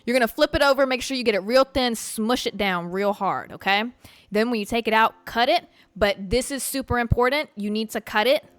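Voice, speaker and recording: A woman hosting a podcast in casual chat, brash and excitable, swearing freely. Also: a little high, fairly quick, no room sound. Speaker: podcast host.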